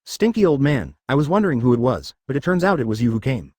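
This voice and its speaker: Guy doing a cheeky young marine slacker, mocking and disdainful, bouncy pitch. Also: very animated, fast, darkish tone, no echo, studio quality.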